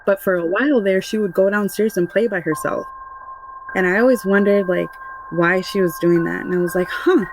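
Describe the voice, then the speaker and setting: A woman's voice: medium pitch, moderate pace, noisy background. A woman casually recounting a frightening family experience, rambling and conversational with many restarts. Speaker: mother telling a true paranormal story. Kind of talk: casual spoken recollection.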